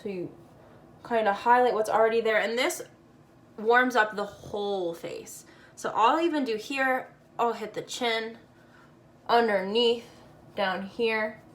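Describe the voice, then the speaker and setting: A woman's voice: a little high, unhurried, pauses often, fairly bright tone. Chatty woman giving a makeup tutorial. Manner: chatty and playful, slangy asides.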